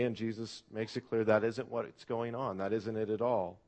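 Earnest man preaching in a low voice. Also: flat delivery, moderate pace, darkish tone. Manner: earnest, reflective, asks the audience questions, frequent "uh" fillers. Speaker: pastor. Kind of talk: sermon.

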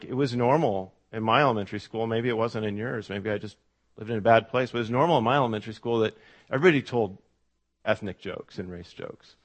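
A middle-aged man preaching a sermon as pastor, telling stories in a conversational way with fillers and asides to the congregation. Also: mid-range voice.

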